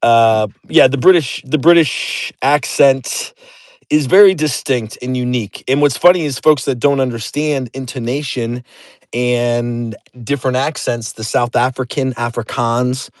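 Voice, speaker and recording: A man's voice: medium pitch, fairly even intonation, unhurried, no room sound. A man hosts a casual chat in a middling voice with a dry, close sound. He talks loosely, swears now and then and keeps checking in with "right?". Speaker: host.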